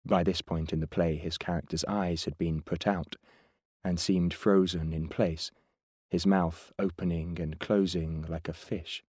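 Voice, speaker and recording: Male audiobook narrator, very deep voice, steady measured read, dry booth sound. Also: no room sound.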